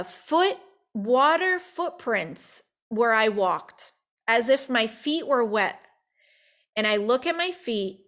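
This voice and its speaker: Animated woman telling a faith story. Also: fairly high pitch. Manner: animated storyteller, acts out quotes, quick bursts of speech. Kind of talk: casual faith talk, storytelling.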